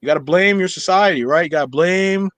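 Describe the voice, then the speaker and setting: A man's voice: high-pitched, a little fast, fairly bright tone, a little hiss or hum. A young man co-hosting a podcast in casual chat, talking animatedly and rambling with lots of fillers. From Nigerian household. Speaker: podcast co-host.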